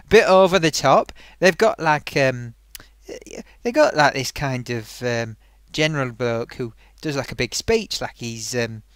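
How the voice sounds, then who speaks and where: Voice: medium pitch, animated, measured pace, a bit bright, no echo. A film reviewer ranting in a rambling, sarcastic, exasperated way, full of ums and little laughs. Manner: frequent fillers and amused laughs.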